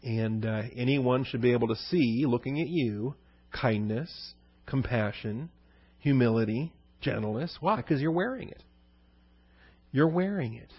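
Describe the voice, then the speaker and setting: Guy pastor preaching casual, husky voice, kinda muffled dry recording. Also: medium pitch, a little slow, dry recording. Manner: conversational, asks questions and answers them, many fillers. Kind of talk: verse-by-verse sermon.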